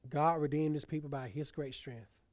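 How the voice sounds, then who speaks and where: A male pastor preaching a sermon, building to emphatic peaks and letting phrase endings fall soft and low. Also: steady tone, normal speed, no echo.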